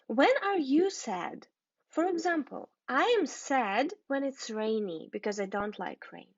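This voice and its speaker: A woman teaching an English lesson, spelling out and repeating words slowly and carefully for learners. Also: high-pitched, expressive, no echo, dull audio.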